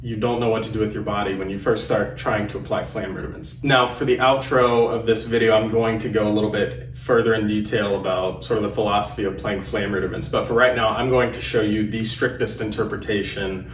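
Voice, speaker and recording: A young man teaching drum rudiments, counting the sticking aloud slowly and encouraging the learner. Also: lowish voice, steady tone, a little hiss or hum. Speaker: drum instructor. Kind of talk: instructional lesson.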